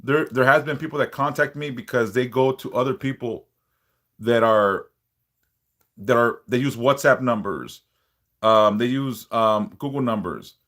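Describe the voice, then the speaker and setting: A man who hosts a casual livestream and works as a spiritual worker speaks at a medium pitch and a measured pace, his voice a bit bright. He reads viewer comments aloud and bluntly warns them, swearing plenty.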